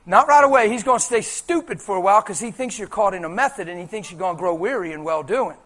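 A male preacher delivers his sermon in a high, lively voice. He talks in an animated, colloquial, conversational way. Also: quick pace.

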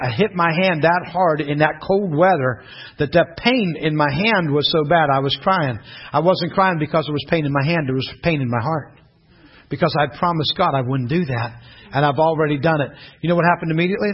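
A middle-aged male preacher from western Pennsylvania, telling a personal testimony in an animated sermon and often asking the audience questions. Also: sits high, husky, dull audio. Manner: animated storytelling, with repeated rhetorical questions to the audience.

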